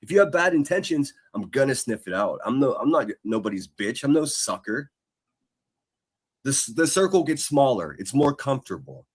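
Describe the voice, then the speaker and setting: A man's voice: medium pitch, big pitch swings, moderate pace, breathy edge, no echo, clean studio sound. A man on a live stream talking in a heated, defensive, profane way. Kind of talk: casual live-stream chat.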